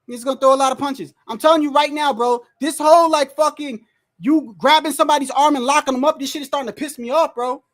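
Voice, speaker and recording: A livestream host watches a fight and commentates live with excitement, exclaiming often, swearing freely and addressing the fighters and referee directly. The high voice moves fast, and viewer messages get read aloud.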